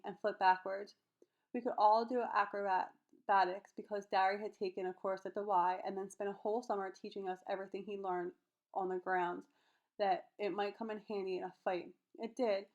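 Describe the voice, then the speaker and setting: A woman's voice: mid-range voice, lo-fi sound. A woman reading a novel chapter aloud, voicing every character in her own voice and sometimes stumbling and restarting a word. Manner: reads all characters in her own voice, occasional slips and restarts. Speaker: audiobook reader.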